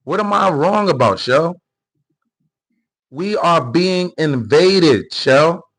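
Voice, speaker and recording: A man's voice: a little high, expressive, takes it slowly, a bit bright. A man hosting a live political commentary stream, talking heatedly and emphatically to his chat, with frequent repeated words and restarts. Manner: addresses chat readers directly, lecturing. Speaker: political commentary livestream host.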